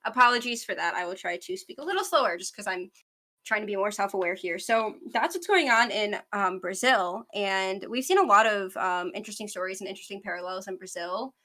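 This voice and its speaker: Young woman host, quick rambling news chat, bright tone. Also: mid-range voice, animated. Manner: fast, rambling, self-aware talker. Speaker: podcast host.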